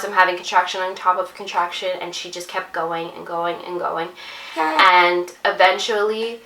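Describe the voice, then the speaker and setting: A woman vlogger and new mother earnestly tells her viewers a personal story, confiding and direct, addressing them as ladies and mamas. Her voice is lowish, pushed and bright. The recording has roomy echo, a distant mic and faint music.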